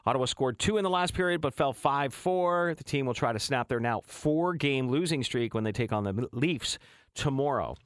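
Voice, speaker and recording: Male morning radio host, dry wit, lively delivery, dry studio mic. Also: medium pitch, moderate pace, clean tone, dry recording. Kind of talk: radio news read and banter.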